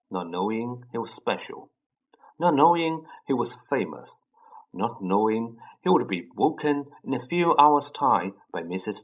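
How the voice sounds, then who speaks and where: A man narrating a children's fantasy audiobook in a measured, expressive storytelling manner. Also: mid-range voice, rough recording. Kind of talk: scripted narration.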